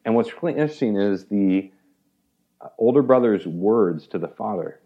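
A man with a fairly low voice talks as a guest in a relaxed interview. He tells the story with energy, slipping into the voices of the people he quotes and filling his speech with "like". The recording sounds dull and lo-fi. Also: moderate pace. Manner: animated storyteller, acts out quoted speech, many "like"s. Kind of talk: conversational interview explaining a parable.

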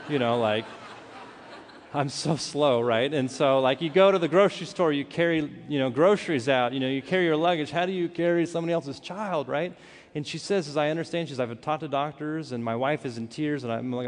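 A man preaching a sermon, telling a personal story with earnest, animated delivery and frequent restarts. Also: a little high, brisk. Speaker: pastor. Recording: hall reverb.

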